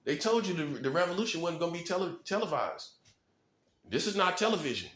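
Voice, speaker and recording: High male preacher, rhetorical and punchy, self-amused, recorded in a roomy apartment. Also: sing-song, fairly bright tone. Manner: rhetorical, fast-talking, punctuates points with "boom"; chuckles at his own points. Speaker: self-styled prophet. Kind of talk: preaching monologue to camera. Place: apartment room. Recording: echoey room.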